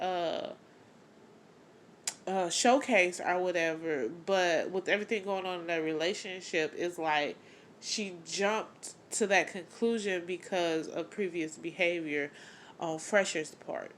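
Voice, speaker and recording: Speaking slowly in a lowish voice over a faint hiss or hum, a young woman vlogger dishes on a reality show. Her casual, slang-heavy gossip is lively, and she performs bits of people's quotes as she goes.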